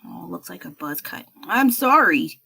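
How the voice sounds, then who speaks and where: A woman's voice: fairly low pitch, animated, measured pace, gravelly, bright, forceful tone, breathy edge. A young American woman livestreaming while she paints, chatting in a rambling, self-deprecating way with fillers and laughs. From United States. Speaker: livestreaming artist.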